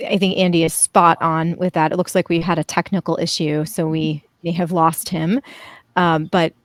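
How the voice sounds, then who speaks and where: Woman moderator, lowish voice, dry close sound, attentive. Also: little pitch movement, no echo. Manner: attentive, quick follow-up questions. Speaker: panel host. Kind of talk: moderating a panel.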